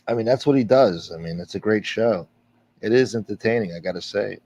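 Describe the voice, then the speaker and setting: A man's voice: fairly low pitch, lively intonation, a little fast, darkish tone, no room sound. A man hosting a casual livestream, reading viewer comments aloud in a rambling, sarcastic, heavily profane way. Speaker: livestream host.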